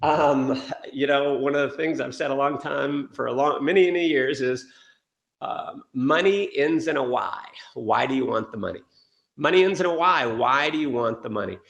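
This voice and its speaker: A man giving an energetic sales training talk, telling stories and acting out quotes. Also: medium pitch, moderate pace, creaky, roomy sound, dull audio. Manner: energetic storytelling with acted quotes. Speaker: motivational speaker.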